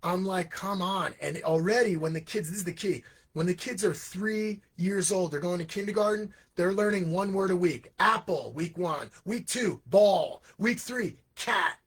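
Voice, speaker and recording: Man, high-pitched, husky voice, energetic live talk, emphatic asides, English teacher. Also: moderate pace, hardly any pauses. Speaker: English teacher and education program founder. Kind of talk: live monologue. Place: Hong Kong.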